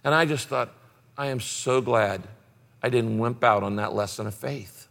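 A man's voice: mid-range voice, normal speed, gravelly, a bit bright. A male pastor telling a personal story in a sermon, acting out his conversations with God in different voices. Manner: acts out dialogue with God in shifting voices. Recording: long reverb of a large hall.

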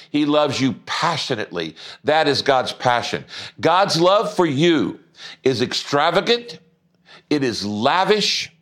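Lively, emphatic male preacher. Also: on the high side. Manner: animated, emphatic preaching, slows down to stress scripture. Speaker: pastor. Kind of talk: sermon.

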